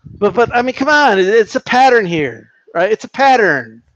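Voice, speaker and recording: A man with a fairly high voice rants heatedly about boxing, swearing freely and circling back over the same points. He reacts to a live chat as he goes. The sound is dry and a bit dull, like a cheap home mic. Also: very animated, normal speed, a bit bright, no echo. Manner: profane, heated, repetitive. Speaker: boxing commentator reading chat. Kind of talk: casual live-stream rant.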